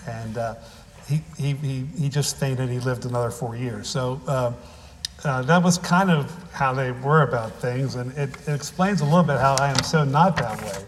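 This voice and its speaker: A man's voice: medium pitch, normal speed, in a large hall. A man preaching a sermon, reading scripture and then telling family stories in a conversational way with wry humor. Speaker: pastor.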